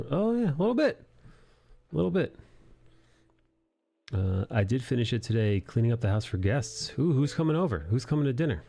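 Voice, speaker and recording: A man's voice: mid-range voice, very animated, moderate pace, gravelly, long pauses, warm tone. A man hosting a live drawing stream, chatting casually and rambling with many fillers. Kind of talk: casual chat while drawing.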